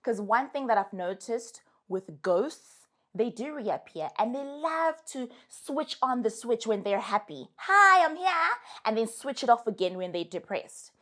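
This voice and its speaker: A woman's voice: on the high side, measured pace, hardly any pauses. A young adult woman with a South African accent, giving casual, emphatic advice to her followers. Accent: South African English. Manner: animated, emphatic, sassy.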